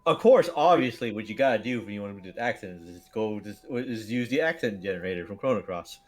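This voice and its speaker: A man's voice: on the low side, animated, quick pace. A man on a game stream, chatting casually and joking. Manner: jokey, drops into silly accents.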